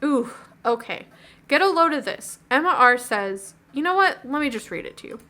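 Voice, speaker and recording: A woman's voice: high voice, big pitch swings, moderate pace, sharp tone, heavily acted. A woman reading as an upset teenage girl. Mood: gossipy. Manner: rambling, gossipy, dejected.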